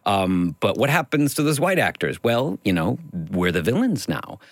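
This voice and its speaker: A man's voice: lowish voice, sing-song, normal speed, no echo. An American man, an actor, guesting on a podcast in a studio and talking in a playful, rambling way with lots of self-corrections. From United States. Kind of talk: casual interview chat. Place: radio studio in London.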